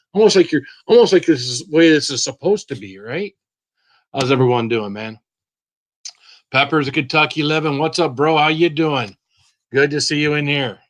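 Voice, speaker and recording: Chatty man hosting a live stream. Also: on the high side. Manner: greets viewers by name, repeats himself, relaxed and chatty. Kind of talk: casual live stream chat.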